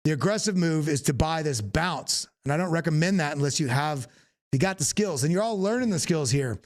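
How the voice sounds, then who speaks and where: A man from the Southern United States hosts a live chart breakdown with a somewhat higher voice. He speaks casually and thinks out loud. His sentences often stop and restart as he points things out. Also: lively intonation, a little fast. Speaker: host. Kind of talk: live technical chart analysis.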